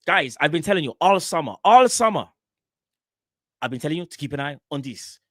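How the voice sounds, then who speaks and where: A man's voice: fairly high pitch, animated, fairly quick, a bit bright, no echo, studio quality. A man imitating a football transfer reporter who announces every deal as a big exclusive, stressing each word. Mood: hyped.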